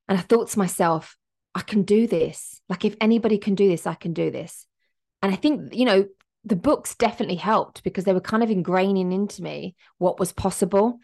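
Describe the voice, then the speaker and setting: A woman's voice: fairly low pitch, gravelly. A young woman hosting a podcast, telling her personal story in a candid, emotional way and acting out the quotes. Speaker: podcast host.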